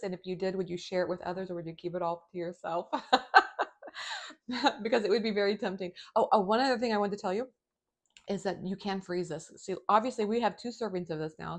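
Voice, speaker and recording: A woman's voice: fairly low pitch, darkish tone. Chatty woman hosting a home cooking demo. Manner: chatty and enthusiastic, addresses viewers directly. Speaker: cooking show host. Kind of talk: live cooking demonstration. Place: home kitchen.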